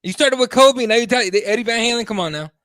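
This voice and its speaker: High, bright-voiced man hosting a podcast. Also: fast talker, no echo, studio quality. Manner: blunt, profane, animated. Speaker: podcast host.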